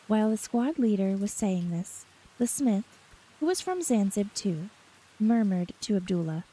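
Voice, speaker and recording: A woman reading a novel aloud in a soft, unhurried ASMR story reading. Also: mid-range voice, slightly rough, low-quality recording.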